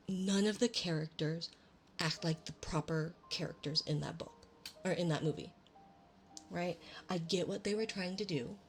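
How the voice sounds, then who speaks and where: Soft-spoken gravelly woman streamer. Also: low voice, a little hiss or hum. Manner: rambling, casual, self-deprecating. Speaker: ASMR streamer. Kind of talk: soft-spoken chat and storybook reading.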